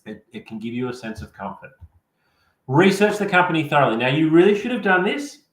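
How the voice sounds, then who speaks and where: A man's voice: fairly high pitch, very animated, fairly quick, fairly bright tone. A man, a career coach presenting an online workshop, speaking directly and encouragingly to his audience. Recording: roomy echo.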